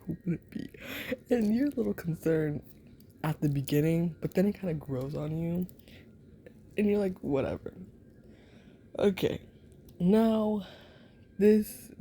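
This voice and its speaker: A woman's voice: low voice, dark tone, a little hiss or hum. A woman telling a story in a whispered role-play, rambling and giggly, with many fillers and asides. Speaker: ASMR storyteller.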